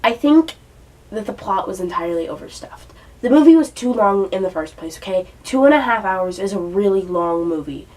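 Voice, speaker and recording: A woman's voice: mid-range voice, lively intonation, moderate pace, a little mellow, recorded from a distance, low-quality recording. Exasperated young woman ranting, a bit off-mic. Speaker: movie reviewer. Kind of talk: casual vlog rant.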